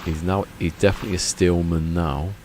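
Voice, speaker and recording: A man's voice: sits low, little pitch movement, fairly quick. A man giving casual live gameplay commentary, chatty and muttering to himself as he plays, laughing often. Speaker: gameplay streamer. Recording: loud game noise behind.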